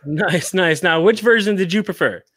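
A man's voice: high-pitched, normal speed, fairly bright tone, breathy edge, no echo, studio quality. A man hosting a casual movie podcast, laughing often and using many "uh" fillers. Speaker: podcast host. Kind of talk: casual movie review chat.

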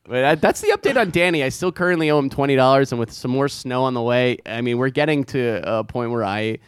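A man's voice: medium pitch, fast, smooth, no echo, studio quality. Man telling stories on a comedy podcast. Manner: animated, mock-outraged storytelling. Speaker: podcast co-host. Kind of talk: casual comedy podcast chat.

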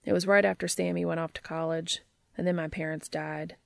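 A woman's voice: fairly low pitch, fairly even intonation, fairly quick, vocal fry, dry recording, studio quality. A woman reading the lines of a troubled, guarded man who halts and pushes through a raw confession. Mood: confessional.

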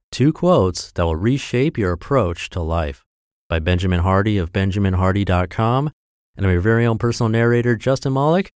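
A man's voice: mid-range voice, darkish tone, clear, resonant tone, dry recording. A man narrating a podcast, reading a blog post aloud in an earnest, emphatic way on a close mic.

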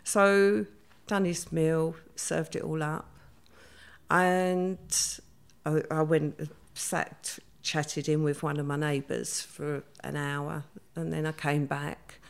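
An older woman, a guest in a chatty interview, recounts her past and acts out what other people said. She speaks in a low voice with vocal fry.

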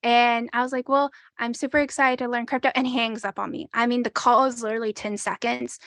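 A woman's voice: on the high side, level tone, brisk, fairly bright tone, no room sound. A woman in her twenties telling her story in an interview, hesitant, full of "like" and acting out what people said. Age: 20s. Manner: hesitant, fills with "like" and acts out quoted dialogue. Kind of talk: conversational storytelling.

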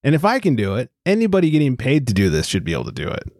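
An American man co-hosting a casual podcast, with a lively voice that rises and falls a lot. He swears freely and laughs often. The recording is dry and close. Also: medium pitch, racing, dry recording. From United States. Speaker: podcast co-host. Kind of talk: casual chat.

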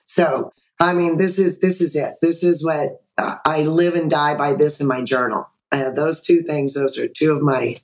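A woman in her sixties, a podcast guest on a video call, telling a personal story in an animated way and acting out the dialogue. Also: low-pitched, moderate pace, few pauses, low-quality recording.

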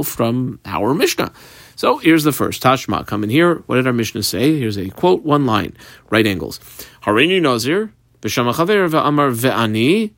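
A man of middle pitch teaches a Talmud page step by step, dropping Aramaic and Hebrew terms into his English explanations. His voice is recorded close and dry. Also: fairly bright tone, no room sound. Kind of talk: page-by-page Talmud study lesson.

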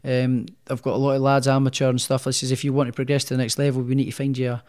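Chatty young boxer, rambling. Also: male voice, mid-range voice, very fast. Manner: rambling, animated storyteller with many restarts. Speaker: professional boxer, guest. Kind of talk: casual storytelling interview.

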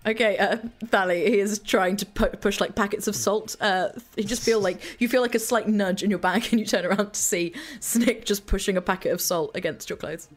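A woman running a tabletop role-play game as game master, playful and quick to laugh. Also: medium pitch.

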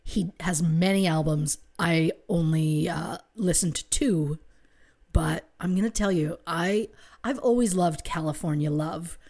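A woman co-hosting a casual podcast, rambling along in quick, chatty bursts. Her voice sits a little on the low side. She talks like she's telling a friend about her week. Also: darkish tone. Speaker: podcast co-host. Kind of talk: casual chat.

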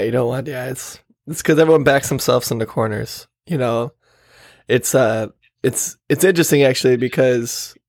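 A man co-hosting a casual talk podcast in a middle-pitched voice. He rambles and jokes, thinking aloud in loose sentences. The recording is dry and close. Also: a little mellow, dry recording. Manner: joking, rambling, laughs often. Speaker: podcast co-host. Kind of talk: casual political chat.

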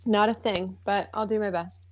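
A woman's voice: mid-range voice, steady tone, normal speed, slight background noise. A woman co-hosting a podcast in casual, playful chat, laughing often. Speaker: podcast co-host. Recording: dull lo-fi sound.

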